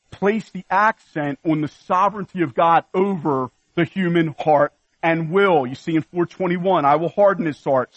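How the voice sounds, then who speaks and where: Earnest preaching man, slightly high voice. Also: dry recording, dull audio. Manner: earnest preaching, ticking off verse references. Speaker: pastor. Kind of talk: sermon.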